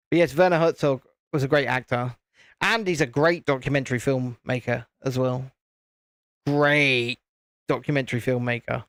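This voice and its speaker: A man's voice: medium pitch, fairly even intonation, moderate pace, fairly bright tone, no echo, clean studio sound. A man hosting a live stream, chatting casually in a rambling, self-interrupting way while he builds a set. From United Kingdom.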